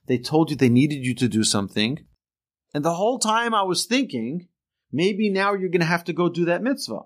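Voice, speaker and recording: A man voicing a slow, anxious student apologizing to his teacher. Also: a little high, sing-song, pitched above the performer's own voice. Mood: apologetic. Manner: apologetic, explaining.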